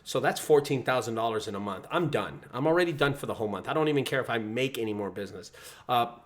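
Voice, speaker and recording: A man's voice: mid-range voice, fast talker. A man who runs a junk removal business, talking casually to camera and telling stories with acted-out quotes. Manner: animated storyteller, acts out quoted voices.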